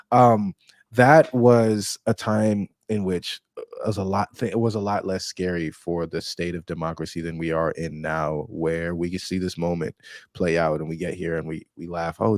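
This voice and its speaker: A man's voice: low-pitched, dry recording, studio quality. A young man in casual political chat, talking earnestly and rambling with lots of fillers.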